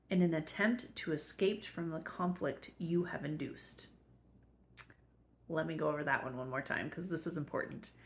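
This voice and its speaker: A woman reading a spiritual text aloud and explaining it, earnest, slowing to repeat the key lines. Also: sits low. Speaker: spiritual study teacher.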